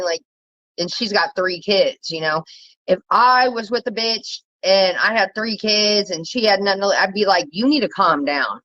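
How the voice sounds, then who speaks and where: Profane ranting woman, dull lo-fi audio. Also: a bit bright. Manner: blunt, profane, rambling, rising pitch when worked up. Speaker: commentary vlogger. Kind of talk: casual ranting commentary.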